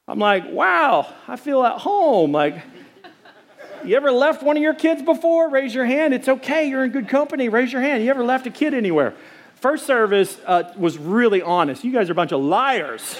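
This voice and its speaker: A middle-aged man preaches from a church stage, his voice sitting high for a man. He jokes with the congregation and slips into little acted-out scenes as he talks. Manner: animated, joking, acts out quotes. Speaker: pastor. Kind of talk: sermon. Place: church sanctuary.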